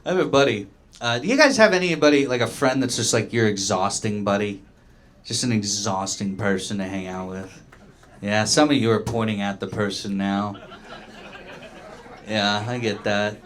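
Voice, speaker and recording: A man's voice: lowish voice, moderate pace, fairly bright tone. A young man from Oklahoma doing a loose, self-mocking stand-up comedy set in a small dive bar, acting out the voices of other people.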